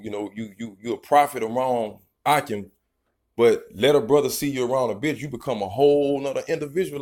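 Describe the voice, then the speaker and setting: A man's voice: mid-range voice, brisk, darkish tone. A man preaching an informal, profane sermon. He reads scripture verses, then riffs on them in a rambling, emphatic way and keeps tagging lines with "man". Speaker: street preacher.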